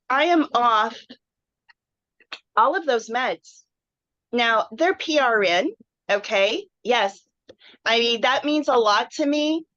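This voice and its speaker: Woman, emotional testimonial, unhurried, dull lo-fi video call sound. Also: fairly high pitch, fairly bright tone, no echo. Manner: earnest, emotional, rambling with frequent "like". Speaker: webinar guest sharing a health story. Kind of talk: candid personal testimonial. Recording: dull, muffled online call audio.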